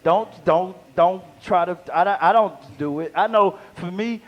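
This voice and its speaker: Here the same kind of high-pitched comic talks a little slowly, and the audio sounds dull. Working a small live room, he chats animatedly with the crowd, going back and forth with them during his set.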